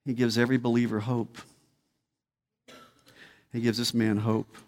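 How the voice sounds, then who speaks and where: A man's voice: mid-range voice, flat delivery, unhurried, darkish tone. A man preaching a sermon as pastor, emphatic and repeating key words. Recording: long hall reverb.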